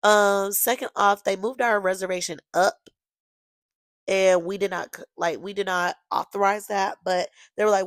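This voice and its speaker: A young woman hosting her own podcast, telling a personal story in a lively, gushing way and talking straight to her listeners. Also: medium pitch, moderate pace, dry recording. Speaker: podcast host. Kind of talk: casual storytelling monologue.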